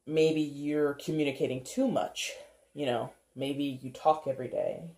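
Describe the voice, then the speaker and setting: This tarot reader's voice is warm and medium in pitch, and the reading is relaxed and talkative, with lots of thinking aloud and frequent laughter. There's a noticeable room echo on the recording.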